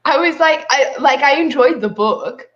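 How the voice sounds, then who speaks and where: A hoarse Australian woman hosting a casual livestream chat, trailing off as she looks for words. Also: high voice, expressive, moderate pace, fairly bright tone, muffled recording. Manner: rambling, trailing off. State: hoarse from coughing. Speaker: livestream host.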